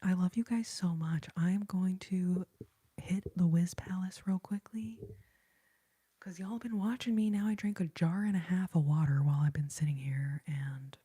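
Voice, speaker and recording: A young woman whispers a relaxed ASMR chat right up close to the mic. Her voice is very airy and husky, with a mellow, dark, slightly low tone. She talks in a soft, chatty, giggly way. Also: moderate pace. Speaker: ASMR host.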